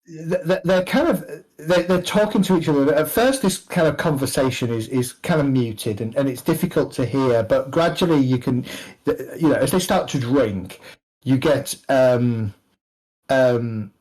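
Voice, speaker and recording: A man narrating a tabletop game as game master, in a halting, restarting manner. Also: mid-range voice, a little mellow, low-quality recording.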